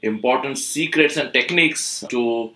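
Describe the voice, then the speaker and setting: A man's voice: medium pitch, measured pace, sharp tone, reverberant, a little hiss or hum. A man hosting an English-learning podcast, asking his guest upbeat questions. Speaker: podcast host and institute founder.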